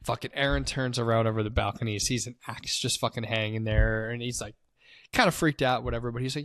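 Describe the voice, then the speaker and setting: A man's voice: medium pitch, fairly even intonation, brisk, fairly bright tone, no room sound. Casual swearing man recapping a movie. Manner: swears often, acts out quotes loosely. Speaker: podcast co-host. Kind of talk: casual movie podcast chat.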